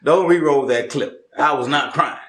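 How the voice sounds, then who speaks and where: A man co-hosting a casual chat, animated and laughing, with emphatic swings in delivery. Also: a little high, moderate pace. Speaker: co-host. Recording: roomy room echo.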